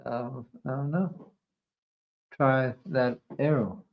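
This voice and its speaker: A man's voice: medium pitch, slow, vocal fry. Dry, playful man on lo-fi stream. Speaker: co-host of live stream. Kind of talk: casual live-stream banter.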